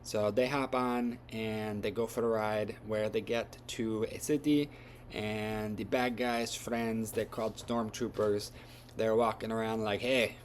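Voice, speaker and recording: A man's voice: lowish voice, flat delivery, measured pace, slight background noise. A man retelling a story from memory in a casual, rambling way with loose grammar and lots of fillers.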